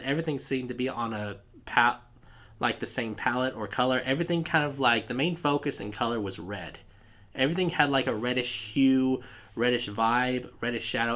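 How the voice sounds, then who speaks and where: A man's voice: mid-range voice, a bit bright. A man with a stuffy, congested voice gives a casual video review. He rambles, restarts sentences and corrects himself often, talking loosely and informally. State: stuffy nose from a cold. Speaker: YouTube reviewer.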